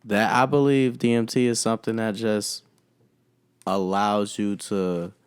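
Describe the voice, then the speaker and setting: Halting, musing young man. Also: lowish voice, level tone, clear, resonant tone, no echo. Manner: musing, halting, laughs often. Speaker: podcast co-host. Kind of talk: casual chat.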